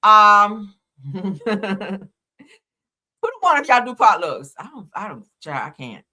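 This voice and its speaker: A woman hosting casual reaction commentary, chatty, laughing loudly and swearing freely as she talks to her viewers. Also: medium pitch, sing-song, slow pace. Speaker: YouTube commentary host.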